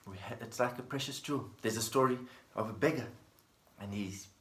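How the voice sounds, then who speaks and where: Buddhist teacher guy, gentle teaching talk, storytelling, kinda echoey room. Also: mid-range voice, a little fast. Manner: gentle, storytelling with plain repetition. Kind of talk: dharma talk.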